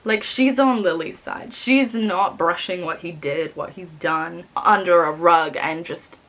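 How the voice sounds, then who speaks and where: A young woman vlogger casually reviewing a book she read, animated and laughing often, swearing freely. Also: lowish voice, unhurried, hardly any pauses.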